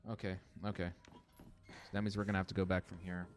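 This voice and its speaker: A man's voice: deep voice, flat delivery, fast, soft background music. A young man streaming a horror game, chatting casually, swearing and answering his chat. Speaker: gaming streamer. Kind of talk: casual let's-play commentary.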